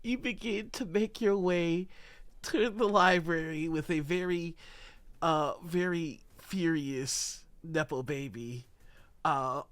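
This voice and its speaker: A game master narrating a tabletop game in an animated way and laughing often. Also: medium pitch, no room sound.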